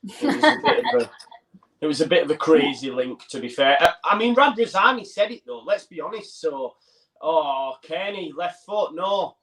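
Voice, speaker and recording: A man co-hosts a fan livestream, reading out viewer messages in a matey, easygoing way. His voice sits a little high and sounds some distance from the microphone. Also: sing-song, normal speed, a bit bright. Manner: matey and laughing, reads messages aloud. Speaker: co-host reading viewer comments. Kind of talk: casual live match chat. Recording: voice heard from off the mic.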